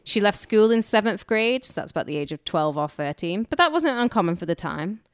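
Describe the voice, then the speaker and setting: A woman's voice: mid-range voice, lively intonation, a little fast, clear, resonant tone, no echo. A woman co-hosting a podcast, telling a history story with irreverent, crude jokes and frequent laughs. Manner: laughs often. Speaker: podcast co-host.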